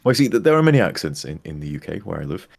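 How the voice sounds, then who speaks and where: A man's voice: low-pitched, sing-song, racing, vocal fry, crowd noise. A man from North West England with a northern English accent, joking and rambling in casual stream chat.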